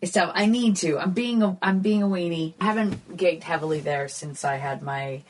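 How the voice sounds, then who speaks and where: Chatty American woman, low voice. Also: moderate pace, slight background noise. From United States. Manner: chatty, self-deprecating, lots of fillers. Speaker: guest comedian. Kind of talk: casual podcast chat.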